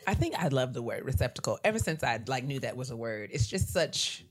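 A woman's voice: extremely low pitch, very animated, a little fast. A woman co-hosting a podcast, chatting casually with playful comic asides. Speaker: podcast co-host. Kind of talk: casual chat.

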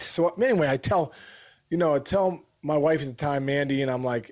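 A man co-hosting a sports podcast, a former baseball player telling stories in casual chat with lively voiced quotes. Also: mid-range voice, fast. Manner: animated storytelling with voiced quotes.

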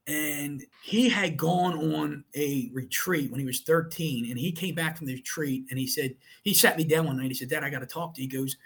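Earnest husky-voiced middle-aged man. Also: a little high, normal speed, hardly any pauses, fairly bright tone. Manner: earnest and emotional, retelling with quoted dialogue. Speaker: guest. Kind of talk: casual interview storytelling.

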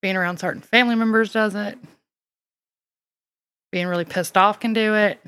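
A woman's voice: medium pitch, fairly even intonation, moderate pace, fairly bright tone, clean tone. A woman from Mississippi with a Southern accent, co-hosting a casual chat podcast and telling stories in a self-deprecating, chatty way. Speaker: podcast co-host and storyteller.

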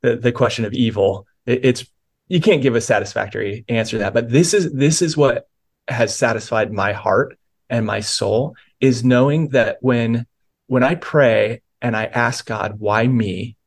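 A man's voice: medium pitch, normal speed, creaky. A middle-aged man, a pastor and podcast guest, tells his faith story in an earnest way, with many small restarts. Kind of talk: reflective faith testimony.

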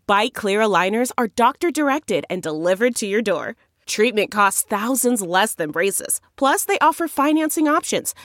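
A woman reading a scripted ad in an upbeat voice. Her pitch is a bit high and moves a lot. The recording is dry and close. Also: dry recording. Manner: upbeat, promotional. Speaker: ad reader. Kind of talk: scripted ad read.

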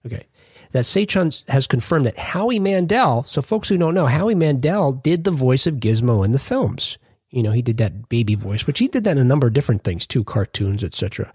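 A male podcast host with a husky, breathy edge to his voice and a pitch that swings up and down as he talks. He rambles through his points and stops often to correct himself, trading jokes in easy casual chat. The sound is dry and close, with no room around it. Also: sing-song, a little fast, darkish tone, no echo. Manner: rambling, self-correcting, jokey.

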